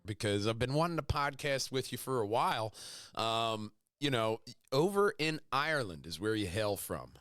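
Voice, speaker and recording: A man's voice: medium pitch, expressive, moderate pace, fairly bright tone, smooth, dry recording. A man from just outside Philadelphia with a Philadelphia-area accent, hosting a casual podcast interview and chatting with plenty of fillers. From Delaware County, outside Philadelphia. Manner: chatty, with many fillers like um and you know. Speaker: podcast host.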